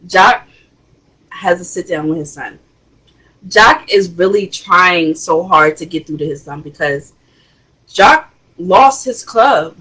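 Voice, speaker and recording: A woman hosting a casual reality TV review, chatty and expressive, with rising exclamations. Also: fairly low pitch, husky, poor audio. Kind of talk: casual commentary.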